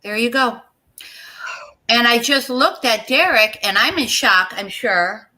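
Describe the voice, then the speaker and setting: Earnest middle-aged woman, bright voice. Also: on the high side, expressive, low-quality recording. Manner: earnest, halting with pauses and repeats, speaks straight to listeners. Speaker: interview guest. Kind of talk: emotional personal account in an interview.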